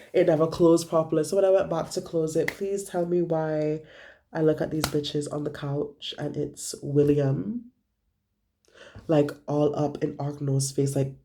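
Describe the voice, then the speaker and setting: A young woman vlogger telling a casual storytime, animated, gossipy and full of swearing. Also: low-pitched, unhurried, slight background noise.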